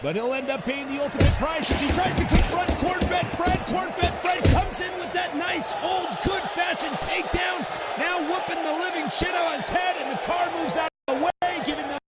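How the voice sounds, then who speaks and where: A man giving mock sports commentary on a fight, in a shouting, hyped play-by-play manner. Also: very high voice, moderate pace. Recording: loud music and crowd noise.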